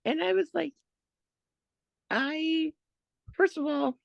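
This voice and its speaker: A woman co-hosting a podcast, telling a story in a casual, animated way, quoting what others said. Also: sits high, takes it slowly, gravelly, no echo, highs cut off. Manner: animated retelling, quotes others, laughs often. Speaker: podcast co-host.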